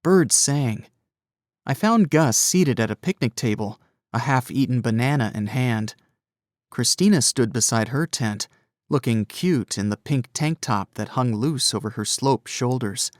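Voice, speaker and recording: A man reads a first-person audiobook at an unhurried pace. His voice moves widely in pitch as he tells the story. The recording is close and dry. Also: dry recording. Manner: expressive storytelling. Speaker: audiobook narrator.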